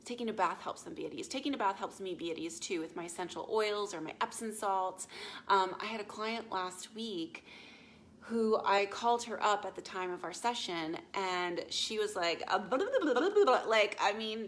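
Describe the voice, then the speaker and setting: A woman life coach speaking casually to viewers, often checking in with a quick "yeah?" or "okay?" and retelling stories with animated asides. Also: medium pitch. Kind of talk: casual live talk to viewers.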